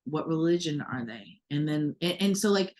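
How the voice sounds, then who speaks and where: Low-voiced woman, earnest. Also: animated, normal speed, darkish tone. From United States. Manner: reflective, earnest, many fillers and restarts. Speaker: podcast co-host. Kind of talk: casual conversation.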